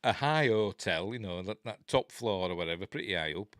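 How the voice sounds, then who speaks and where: Yorkshire guy in his middle years doing a film commentary, lowish voice, jumps all over the place, sarky. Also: animated, fairly quick, a bit bright, dry recording, studio quality. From Yorkshire, England. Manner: chatty, sarcastic asides, laughs at the film. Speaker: film review host. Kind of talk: casual live film commentary.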